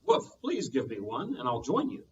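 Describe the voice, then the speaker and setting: Man putting on a loud eager storybook dog, woofing, muffled distant sound. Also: mid-range voice, huge pitch swings, normal speed, a little hiss or hum. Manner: loud, barking. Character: friendly barking dog, eager.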